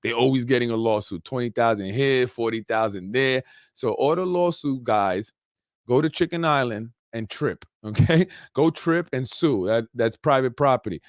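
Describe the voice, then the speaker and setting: A man's voice: medium pitch, moderate pace, no echo. A man hosts an unfiltered political talk show and rants off the cuff, circling back to his points with plenty of "you know" and sarcastic jabs. His voice sits in a middle range and sounds dry and close, with no room around it. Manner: ranting, repetitive, sarcastic asides, lots of "you know". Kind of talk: unscripted political rant. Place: Yonkers, New York.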